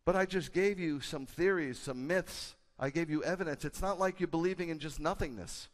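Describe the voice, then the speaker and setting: A man who is a rabbi, preaching a sermon emphatically and shifting between loud bursts and low confiding asides. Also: normal speed. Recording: echoey hall with a long tail.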